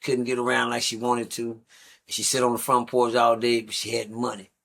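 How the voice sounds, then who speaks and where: A man's voice: medium pitch, monotone, brisk, a bit bright. A middle-aged man, a guest on a talk show, telling rambling stories in a blunt, profane, casual way. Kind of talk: casual storytelling.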